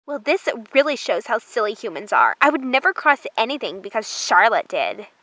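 A woman's voice: on the high side, big pitch swings, moderate pace, pushed and bright, no room sound, voice pushed down, exaggerated voice, rough recording. A woman voicing a vain, haughty gray mare who calls herself a queen, in a toy horse drama. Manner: snooty, dramatic, complaining.

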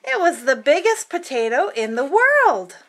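A woman reading a picture book aloud to children in an expressive, playful storytelling manner. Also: sits high, a little slow.

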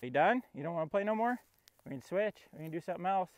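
High-voiced man coaxing his dog outdoors. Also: lively intonation, fast. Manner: coaxing and talking to his dog, narrating between commands. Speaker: dog trainer. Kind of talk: casual training vlog. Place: outdoors in a field.

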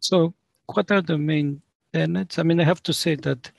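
A man speaking as a sociologist guest, giving a deliberate, lecture-like explanation of his ideas. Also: fairly high pitch, steady tone, creaky, dry recording. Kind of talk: academic explanation.

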